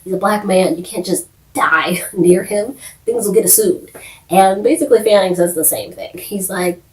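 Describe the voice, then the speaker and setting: A woman hosting a casual TV recap on her channel, telling the story in a lively way and often laughing as she acts out the characters. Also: mid-range voice, normal speed, far from the mic, low-quality recording. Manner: animated storytelling, quotes characters, frequent laughs. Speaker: YouTube show recap host.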